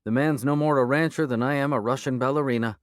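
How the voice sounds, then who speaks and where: A man's voice: mid-range voice, steady tone, no room sound, studio quality, pitched above the performer's own voice, natural voice. A man voicing a wry, impatient woman sheriff. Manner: brisk, impatient, dryly sarcastic. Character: blunt, sardonic small-town woman sheriff. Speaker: character voice in an audiobook.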